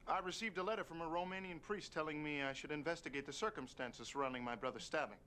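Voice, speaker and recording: Quick, polite young Texan reverend in a video game, faint hiss. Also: male voice, fairly high pitch, pushed and bright. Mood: earnest. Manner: polite and earnest. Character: earnest young male Texan reverend investigator. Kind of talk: full-motion-video game acting.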